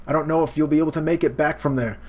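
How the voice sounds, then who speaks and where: A man voicing an alarmed male alien creature who gives an urgent, hurried warning. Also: a little high, steady tone, a little mellow, pitched above the performer's own voice, lightly acted.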